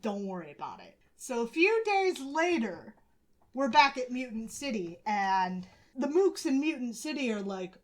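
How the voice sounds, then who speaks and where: A woman co-hosting a podcast, recapping comics in lively casual banter, swearing and acting out characters' lines. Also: a little high, unhurried. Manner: lively storytelling, swears, acts out quotes. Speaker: podcast co-host.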